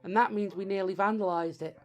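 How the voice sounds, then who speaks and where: A woman's voice: mid-range voice, steady tone, fairly quick. A woman, chatting playfully and teasing during a film commentary. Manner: playful, teasing, self-deprecating. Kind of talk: casual chat.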